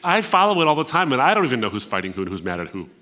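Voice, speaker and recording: A middle-aged man from the Middle East preaches to a gathering, weaving a story into his sermon. His voice sits at an ordinary middle pitch. He climbs to emphatic peaks on key points and sometimes stumbles over repeated words as he searches for the next phrase. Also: big pitch swings, rapid-fire, sharp tone. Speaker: speaker at a Christian gathering.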